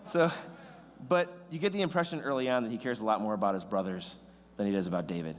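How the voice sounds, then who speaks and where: A man's voice: lowish voice, fast talker, big-room sound. A young man preaching a casual youth sermon, rambling and self-deprecating, addressing students directly. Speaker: youth pastor.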